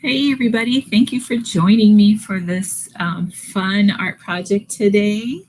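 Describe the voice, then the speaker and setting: A woman's voice: mid-range voice, steady tone, a little slow, a little mellow, low-quality recording. A woman art teacher giving a live online drawing lesson, talking through each step patiently with frequent fillers.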